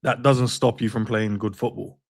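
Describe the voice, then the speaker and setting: A man's voice: lowish voice, steady tone, moderate pace, no echo, studio quality. A man co-hosting a football chat, arguing his point emphatically and repeating phrases for effect. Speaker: podcast co-host. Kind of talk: casual football discussion.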